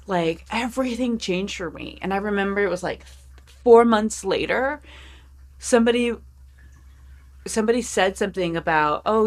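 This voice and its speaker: A woman in her thirties, co-hosting a podcast in casual chat, candid and profane, with many "like" fillers. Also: mid-range voice. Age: 30s. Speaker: podcast co-host.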